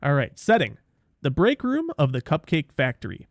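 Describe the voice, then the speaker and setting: A man's voice: on the high side, wildly swooping pitch, moderate pace, no echo, studio quality. A male podcast host chatting casually with guests, rambling and interrupting himself, then narrating a script. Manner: rambling, self-interrupting, laughs easily.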